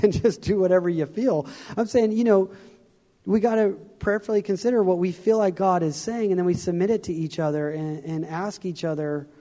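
A man's voice: high-pitched, mellow. A man giving an earnest, informal testimony sermon from a stage, often restarting and chuckling as he talks. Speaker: traveling evangelist giving his testimony. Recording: long hall reverb.

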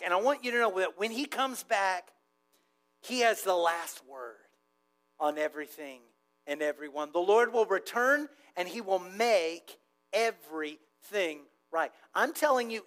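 A male pastor preaching a sermon, moving between hushed asides and loud emphatic build-ups. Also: sits high, poor audio.

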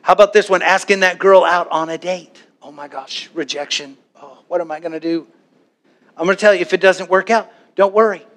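A man preaching a sermon to a church congregation, animated, now and then acting out worried voices. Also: high-pitched, fairly quick. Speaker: pastor.

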